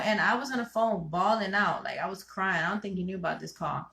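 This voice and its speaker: A playful, animated woman from Connecticut chatting as a co-host. Her voice sits at an ordinary middle pitch. The room around her is echoey. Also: quick pace, gravelly. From Connecticut, USA. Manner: animated, playful, tells stories with acted quotes. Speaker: podcast co-host. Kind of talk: casual chat.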